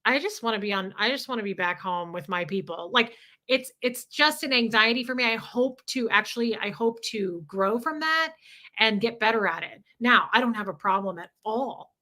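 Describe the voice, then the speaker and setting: A woman's voice: fairly high pitch, normal speed, bright, forceful tone. A young woman hosting a casual livestream, chatting with viewers and reading out their names and comments. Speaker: livestream host.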